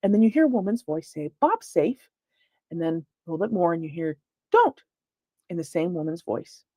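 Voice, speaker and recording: A woman gives a lecture on a paranormal investigation in a somewhat low voice. She talks loosely, with fillers and restarts, as if chatting with the audience. The sound is dry and close. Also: fast talker, dark tone, dry recording. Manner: conversational, with frequent fillers and restarts. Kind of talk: presentation lecture.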